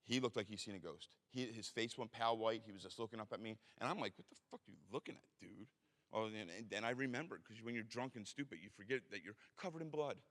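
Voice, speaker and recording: A man's voice: on the low side, fast talker, few pauses, fairly bright tone. A man telling a story from his own life in a blunt, profane, self-mocking way. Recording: reverberant hall.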